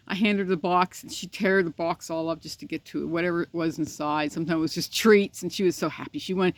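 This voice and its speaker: A woman talking casually to the camera beside her dog's pen, tearful and grieving, speaking haltingly with many pauses and restarts. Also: on the low side, no room sound. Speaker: pet owner vlogger. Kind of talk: casual personal vlog.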